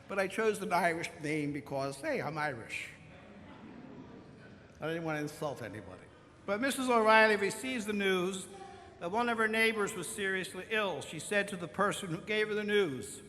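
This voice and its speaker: Male priest giving a homily, slow, stretches words, echoey church, faint room hum. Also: high-pitched, animated, pushed and bright. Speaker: pastor. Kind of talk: sermon. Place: large church. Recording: long church reverb, faint room noise.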